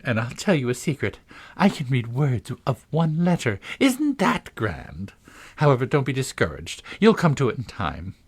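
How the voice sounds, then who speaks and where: This is a fussy, anxious old queen from a storybook, her voice rising high and fluttering nervously, as a male reader puts her on. The tone is breathy, and the pitch swoops about a great deal. She sounds flustered and scatterbrained. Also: sing-song, normal speed.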